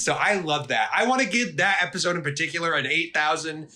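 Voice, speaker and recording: A man co-hosting an anime podcast in casual chat, animated and swearing, acting out characters' lines. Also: fairly high pitch, a little fast, a little hiss or hum. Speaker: podcast co-host.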